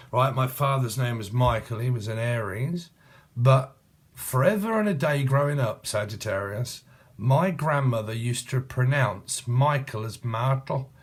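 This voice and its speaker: A man's voice: medium pitch, a little slow. A man giving a casual tarot reading, free-associating from word to word, punning and swearing freely. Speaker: tarot reader.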